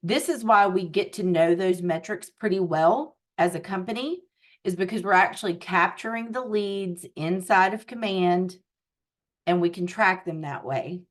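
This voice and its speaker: A woman tech coach teaching a group over a video call. Her voice sits on the low side, and she talks slowly and patiently. She keeps pausing to check whether her listeners are keeping up. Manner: unhurried, explanatory, checks in with listeners. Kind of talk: live online training session.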